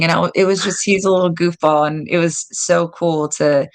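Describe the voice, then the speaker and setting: A woman guest telling lively stories in a casual interview, acting out quoted dialogue. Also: lowish voice, moderate pace, clean tone. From United States. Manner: animated, lots of "like" and quoted dialogue. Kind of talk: casual storytelling.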